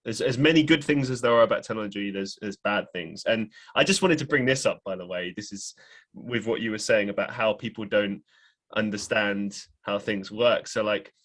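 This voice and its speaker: This young man hosting a podcast has a somewhat low, slightly bright voice and a moderate pace. His casual chat rambles, with frequent self-corrections and hedges.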